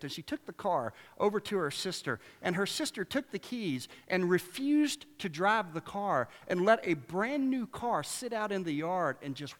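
A man preaching a sermon as pastor, passionate and sarcastic by turns, moving between quiet storytelling and loud exhortation in a large church. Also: sits high. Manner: sarcastic asides. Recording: long reverb of a big church hall.

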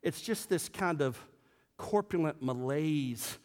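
Pastor preaching in a reverberant hall. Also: male voice, fairly high pitch, expressive, takes it slowly, darkish tone. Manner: conversational and humorous, rising to emphatic preaching. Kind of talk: sermon. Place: church sanctuary.

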